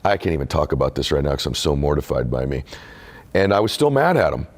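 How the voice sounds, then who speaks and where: Deep-voiced man telling an earnest story. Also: big pitch swings, quick pace, husky. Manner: earnest, confessional storytelling with emotional emphasis. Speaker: podcast host and author being interviewed. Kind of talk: candid conversational interview.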